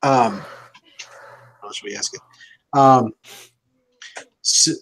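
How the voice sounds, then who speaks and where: A man takes his turn at a tabletop game, speaking slowly and deliberately. He pauses with fillers as he thinks. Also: medium pitch, fairly even intonation, fairly bright tone, breathy edge, poor audio. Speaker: player.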